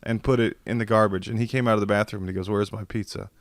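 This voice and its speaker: A man's voice: fairly low pitch, fairly even intonation, racing, no echo. A man telling a long funny story in casual chat over a video call, acting out the quotes and laughing often. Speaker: podcast guest. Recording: dry video call audio.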